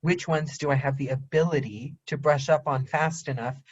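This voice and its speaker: A woman's voice: deep voice, fairly even intonation, husky, highs cut off. Chatty American woman hosting. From United States. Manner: chatty, quick, laughs often. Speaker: podcast host. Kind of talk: casual video-call chat.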